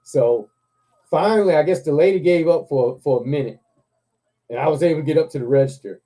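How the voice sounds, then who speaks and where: A man's voice: a little high, brisk, dark tone. A man hosting a live stream, telling a story in a casual chat, laughing often and swearing freely.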